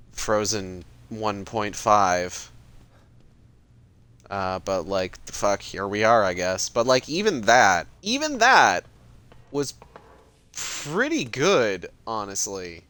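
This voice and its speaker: A man's voice: fairly low pitch, a bit bright, clear, resonant tone. A man casually talking while playing a video game, rambling with lots of fillers and cursing freely. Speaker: gaming streamer. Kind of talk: casual let's-play commentary.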